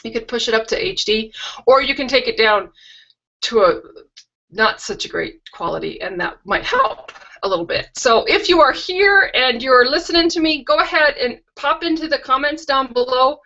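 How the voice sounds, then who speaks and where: A middle-aged woman hosts a live craft stream from home in a high, animated voice that is bright and forceful, at normal speed. It's a casual chat and product tour with homey, rambling asides. The audio comes through a video call webcam and sounds lo-fi.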